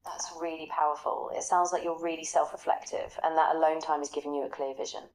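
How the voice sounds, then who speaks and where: Low-voiced AI woman, practice partner, smooth, upbeat, always encouraging. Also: little pitch movement, quick pace, poor audio. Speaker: AI voice assistant.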